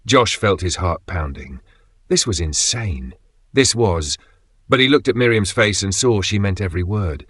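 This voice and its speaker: A man narrating a scripted dark horror story in a steady, grave tone. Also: deep voice, moderate pace, husky, no room sound.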